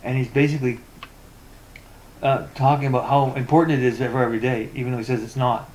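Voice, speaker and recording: This tech vlogger is a fast-talking man with a darkish, mid-range voice that barely moves in pitch, recorded over slight background noise. Ranting about poor tech support, he reads forum posts aloud, interjecting sarcastic, exasperated comments and repeating himself in stammers.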